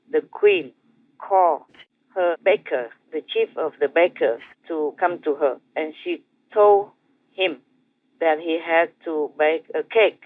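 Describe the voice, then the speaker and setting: A man with an Indonesian accent, a spiritual master telling a teaching story in a gentle, repetitive way with soft chuckles. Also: a little high, no echo. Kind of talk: storytelling dharma talk. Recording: tinny phone-like dry sound.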